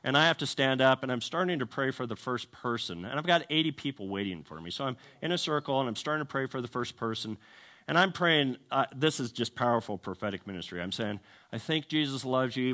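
A man's voice: mid-range voice, brisk. A man telling a story in a sermon, humorous and self-deprecating, acting out the voices of the people in it. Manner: animated storytelling, acts out quoted voices. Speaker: preacher.

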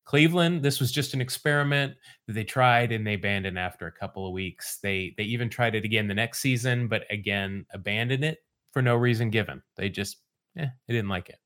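A man hosting a podcast, relaxed storytelling with dry asides in casual chat. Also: fairly low pitch, brisk. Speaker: podcast host.

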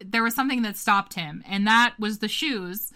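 A woman's voice: mid-range voice, normal speed, sharp tone. A woman co-hosting a podcast, telling stories in casual chat with a dry, teasing manner. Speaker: podcast co-host.

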